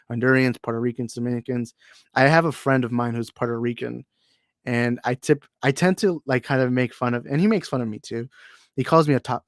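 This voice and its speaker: A young American man hosts a casual movie livestream, reading chat comments and riffing on them. He rambles, jokes, loses his place and laughs often, his voice sitting at an ordinary middle pitch. The sound is dry and close, from a desk mic at his computer. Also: no echo. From United States.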